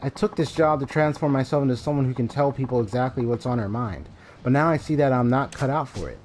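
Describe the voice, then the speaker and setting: A man voicing a timid, gentle young female dominatrix in a video game, speaking softly and apologetically. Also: medium pitch, fast, a little hiss or hum, lightly acted. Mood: earnest. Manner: soft, apologetic, hesitant.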